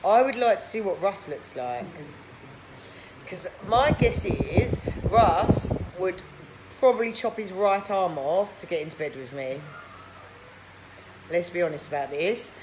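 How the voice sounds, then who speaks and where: A woman's voice: on the low side, lively intonation, moderate pace, background noise. A woman, chatting bluntly on a live video as she reads out viewer comments, mocking and swearing casually. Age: 30s. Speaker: live stream host.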